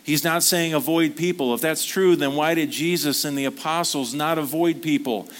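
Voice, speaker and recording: A man's voice: fairly high pitch, normal speed, a bit bright. A man preaching a sermon at a church service, speaking earnestly in a conversational storytelling manner. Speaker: pastor.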